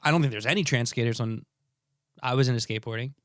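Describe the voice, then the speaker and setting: A man's voice: medium pitch, quick pace, a bit bright, dry recording, clean studio sound. A man co-hosting a podcast in casual chat, joking and loose, swearing now and then. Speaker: podcast co-host.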